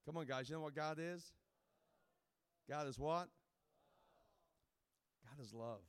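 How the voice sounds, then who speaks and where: High, smooth-voiced joking preacher man. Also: takes it slowly. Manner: jokey, rambling, many restarts. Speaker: guest evangelist. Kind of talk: informal sermon to a camp.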